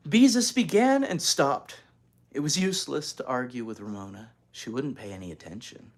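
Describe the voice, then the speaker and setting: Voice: mid-range voice, lively intonation, normal speed. A reader narrating a children's chapter book aloud, adding chatty asides to young listeners. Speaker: storybook reader.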